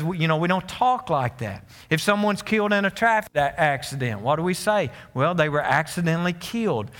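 The room sounds big as this pastor, his voice fairly high and a little bright, preaches in a church sanctuary. He tells his stories in a homespun way, often starting over and turning aside to speak to the congregation.

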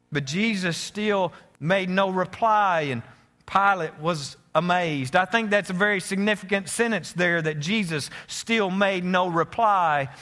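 A man preaching with a high, bright voice and earnest conviction. He often stumbles and restarts mid-phrase. For the gravest points he drops lower and quieter. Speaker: pastor. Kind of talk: sermon.

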